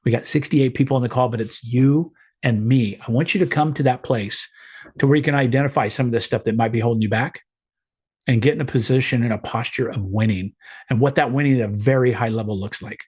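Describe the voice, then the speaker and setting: A man's voice: mid-range voice, a little fast, a little mellow, breathy edge. A middle-aged man leading a group video call, giving an earnest, encouraging motivational talk with frequent restarts.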